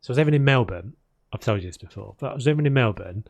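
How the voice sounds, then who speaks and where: A man's voice: mid-range voice, expressive, very fast, gravelly, muffled recording. A man streaming a video game, chatting casually and rambling between topics as he builds. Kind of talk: casual chat while playing.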